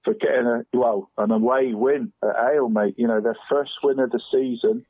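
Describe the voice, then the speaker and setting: A man's voice: medium pitch, steady tone, normal speed, slightly rough, no echo. A man co-hosting casual local football chat, rambling and friendly, saying "mate" every few words and laughing often. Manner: chatty, says "mate" constantly, laughs often. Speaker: co-host picking team of the week. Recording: dry tinny phone-line sound.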